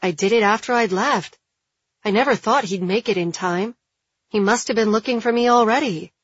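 A woman narrating an audiobook, voicing a tough, stubborn young woman who talks bluntly, with a husky tone. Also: medium pitch, normal speed, no room sound, dull audio, close to an everyday voice. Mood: reassuring. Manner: blunt, dismissive.

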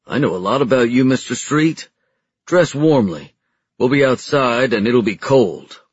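A man's voice: mid-range voice, lively intonation, a little slow, breathy edge, dry recording, highs cut off. A man playing a cold, cutting federal agency chief. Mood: stern. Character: stern, powerful male federal agency chief.

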